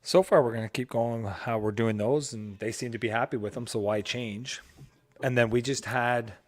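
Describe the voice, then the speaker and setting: A man's voice: mid-range voice, steady tone, normal speed. A man with a mid-range voice co-hosts over a video call. He talks about his studio work in an easygoing, matter-of-fact way. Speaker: co-host, studio photographer. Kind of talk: casual chat.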